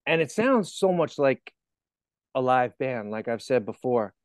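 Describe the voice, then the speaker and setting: A man's voice: mid-range voice, big pitch swings, unhurried, no room sound, clean studio sound. A man hosting an interview, chatting casually and encouraging his guest with enthusiasm. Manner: enthusiastic, encouraging, laughs often. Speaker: interview host.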